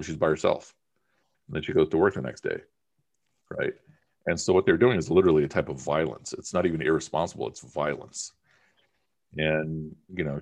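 Male teacher with an extremely low, deep voice, chatty and emphatic in class. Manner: conversational, emphatic, uses many fillers. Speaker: religion teacher. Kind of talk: informal class discussion.

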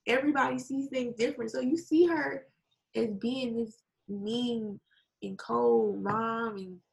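A woman in casual chat, retelling a story with lively acted-out quotes, swearing and laughing often. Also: on the high side, unhurried, vocal fry, low-quality recording. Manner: animated storytelling, acts out quotes.

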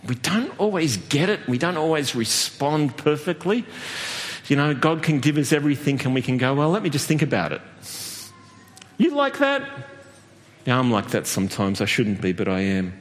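A man preaching a sermon, animated, jumping to high exclamations and laughing at his own jokes. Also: normal speed, big-room sound. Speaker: pastor.

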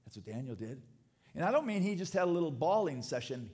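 Male pastor, sermon delivery, fairly high voice with a very lively range. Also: fast. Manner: animated preaching, dropping to quiet tones for emphasis.

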